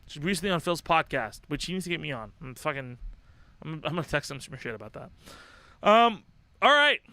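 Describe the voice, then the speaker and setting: Young male streamer, high bright voice, sweary and fired up, dry close sound, casual rambling delivery. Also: lively intonation, fast talker, no echo. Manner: profane, impassioned, rambling with restarts. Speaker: livestream host. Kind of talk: casual livestream commentary.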